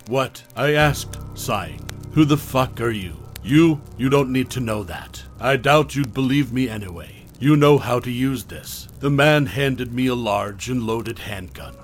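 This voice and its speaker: A man narrating a first-person horror story in a plain, steady storytelling voice, reading the dialogue as he goes. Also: mid-range voice, a little slow, few pauses, soft background music.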